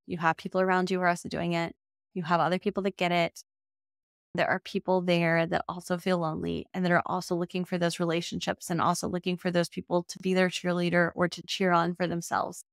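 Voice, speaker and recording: A woman's voice: lowish voice, little pitch movement, fast talker, no echo. A young adult woman speaks on her own podcast as a business coach. Her talk is casual and heartfelt, and she sounds close to tears at times. The recording is dry, with no room sound. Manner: heartfelt, emotional, says y'all often.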